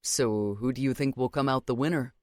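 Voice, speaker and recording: A woman voicing a disciplined young man who reports things calmly and plainly. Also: extremely low pitch, brisk, dry recording, studio quality, pitched below the performer's own voice. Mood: curious.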